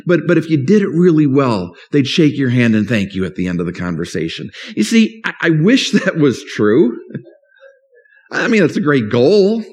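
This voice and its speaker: A man's voice: mid-range voice, sing-song, normal speed, a little mellow. A man preaching a sermon in a conversational way, asking rhetorical questions and acting out quotes. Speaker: pastor.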